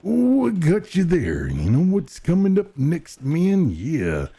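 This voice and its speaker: A man doing an over-the-top impression of a gravelly male pro wrestler, growling his hype. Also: on the high side, huge pitch swings, takes it slowly, dark tone, voice pushed up, full character voice. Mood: hyped.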